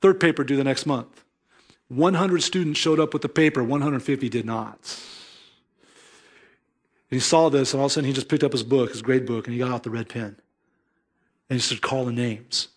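A man's voice: mid-range voice, fairly quick. A man preaching a sermon as pastor, earnest and emphatic, mixing scripture with storytelling.

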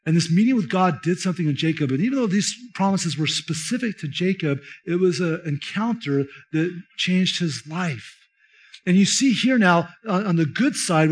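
A man's voice: high-pitched, expressive, normal speed. A man preaching a sermon, explaining scripture in a conversational, emphatic way and speaking directly to his listeners. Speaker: pastor.

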